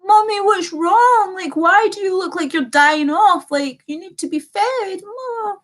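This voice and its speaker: A woman putting on a small, needy, childlike voice that calls for its mama, high and whiny. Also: a little slow. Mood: pleading.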